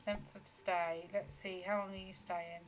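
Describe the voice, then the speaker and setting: A woman's voice: mid-range voice, flat delivery, a little slow, a little hiss or hum, close to an everyday voice. Woman reading a polite hotel receptionist. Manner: formal, courteous, questioning.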